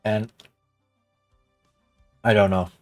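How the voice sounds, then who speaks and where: A man's voice: lowish voice, little pitch movement, extremely slow, faint music behind. A man streaming live, casually explaining something and often asking "right?" as he goes. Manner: rambling, keeps asking "right?".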